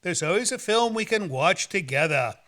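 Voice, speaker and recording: A man's voice: high-pitched, lively intonation, normal speed, sharp tone. A man hosting a horror movie show, rambling and joking in playful banter. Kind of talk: playful, campy hosting chat.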